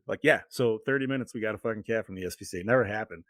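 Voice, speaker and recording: A man's voice: fairly low pitch, very fast, hardly any pauses, no echo. A middle-aged man co-hosting a podcast, telling long rambling stories full of swearing in casual chat. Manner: profane, rambling storytelling. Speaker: podcast co-host.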